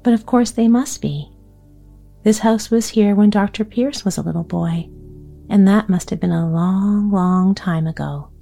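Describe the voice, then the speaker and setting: A woman's voice: medium pitch, unhurried, creaky, warm tone, soft background music. A woman reading aloud, giving the lines of a sweet, eager little girl.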